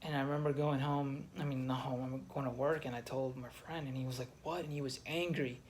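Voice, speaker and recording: A man's voice: medium pitch, flat delivery, brisk, a little hiss or hum. A man who served in the army telling his own story in a raw, emotional monologue, swearing often and restarting his sentences. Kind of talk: candid personal monologue.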